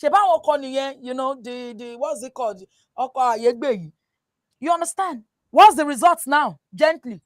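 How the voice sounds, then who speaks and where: A woman with a Nigerian accent, her voice pitched high, lectures animatedly and keeps asking whether you follow her. She drops into Yoruba now and then, and the sound is close and dry, with almost no room. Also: brisk, no echo. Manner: animated, preachy, often asks "you understand?"; mixes English with Yoruba. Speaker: guest. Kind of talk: casual talk show chat.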